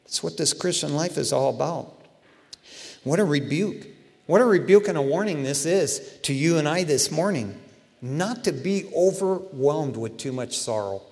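A man preaching a sermon in a lively, conversational way, with casual slang. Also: a little high, normal speed, creaky, big-room sound. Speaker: pastor. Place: church.

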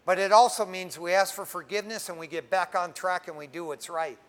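A middle-aged man preaching a sermon, conversational and emphatic, swinging from fervent prayer to hushed tones. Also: sits high, fairly even intonation, a little fast. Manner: conversational, says "man" often. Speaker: pastor.

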